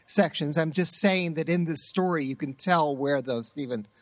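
A speaker in a casual review chat who makes plain, matter-of-fact remarks. The voice sits at a middling pitch and sounds dry and close. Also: normal speed, no room sound.

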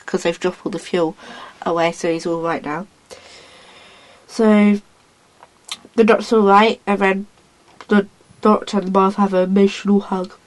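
A woman in casual chat, retelling a story in a rambling, excitable way, acting out lines as she goes. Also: medium pitch, low-quality recording.

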